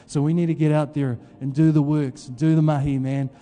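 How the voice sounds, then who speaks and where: A man's voice: a little high, level tone, brisk, warm tone, in a large hall, soft background music. A man preaching a sermon, telling a personal story in a loose, conversational way with plenty of fillers.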